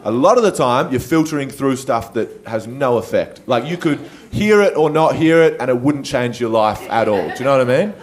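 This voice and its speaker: A young adult man with an Australian accent doing stand-up comedy, conversational and animated, with a lot of swearing. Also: medium pitch, a little fast, hardly any pauses. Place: comedy stage.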